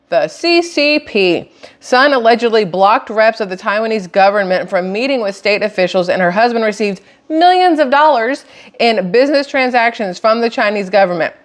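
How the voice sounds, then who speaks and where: Brief: woman vlogger, chatty political commentary, emphatic, mid-pitched voice. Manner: emphatic, repeats words for stress. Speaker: host.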